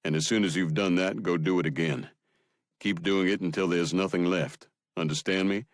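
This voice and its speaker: A man voicing a calm, protective soldier in an audiobook, firm and clipped. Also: low-pitched, normal speed, dry recording, clean studio sound.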